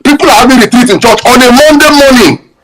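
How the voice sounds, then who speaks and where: A man's voice: very high voice, quick pace, fairly bright tone, poor audio. A young Nigerian man with a Nigerian accent who hosts a live audio space, ranting about politics and telling stories, mixing in Pidgin, laughing as he talks and often stammering and restarting. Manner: mixes Pidgin into English, laughs through his stories, many stammers and restarts. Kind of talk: animated political rant with storytelling.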